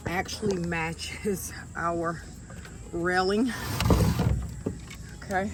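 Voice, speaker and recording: A chatty woman with a fairly low voice, a little out of breath, talks straight to her viewers as she sets up furniture on an outdoor patio. Clear background music plays under her, and she sometimes drifts away from the mic. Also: extremely slow. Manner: chatty, relaxed, addresses viewers directly. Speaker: lifestyle vlogger. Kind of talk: casual sponsored vlog.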